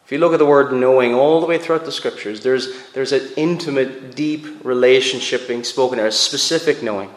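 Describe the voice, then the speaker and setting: A man's voice: mid-range voice, brisk, hardly any pauses. A man preaching a sermon as pastor, earnest and emphatic, repeating phrases for weight. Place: church sanctuary. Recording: echoey hall with long reverb.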